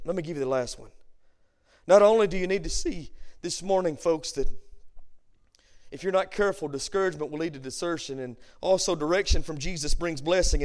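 Pastor guy preaching in church, pretty high voice, goes quiet then gets loud. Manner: preaching with sudden swings from hushed to loud; reads King James scripture aloud. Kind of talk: sermon. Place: church sanctuary.

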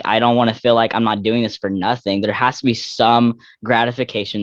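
A man's voice: on the low side, dry recording. A young man from Texas, a guest athlete talking casually in an interview, rambling with many fillers and restarts. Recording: dull lo-fi dry recording.

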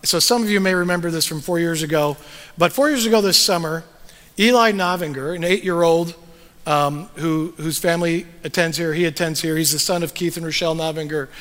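In a church sanctuary with a long reverb tail, a male pastor delivers a sermon to his congregation. His voice is a little high, brisk, and fairly bright, and he tells stories conversationally with frequent fillers.

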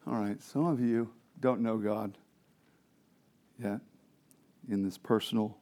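A man preaching a sermon as pastor, moving between soft, confiding asides and loud, fervent preaching, often asking the congregation questions. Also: lowish voice, fairly even intonation, slow. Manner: swings from quiet, intimate asides to loud, impassioned preaching.

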